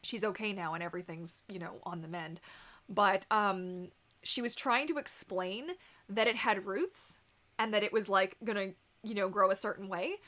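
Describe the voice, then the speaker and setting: A woman's voice: medium pitch, moderate pace, pushed and bright. A young adult woman with a Canadian accent, hosting a casual livestream and chatting with viewers in a giggly way full of fillers. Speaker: livestream host. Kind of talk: casual livestream chat reading comments.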